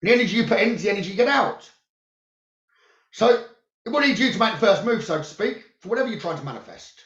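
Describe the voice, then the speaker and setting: A man who works as a psychic medium, giving calm, soothing spiritual guidance about the new moon, crystals and journaling. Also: high-pitched, fast. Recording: roomy, dull lo-fi sound.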